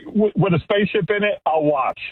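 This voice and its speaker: A man's voice: high-pitched, fairly quick, a little hiss or hum. A man calling in to a radio show, chatting casually with lots of fillers. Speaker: caller. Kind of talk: casual chat. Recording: tinny phone line.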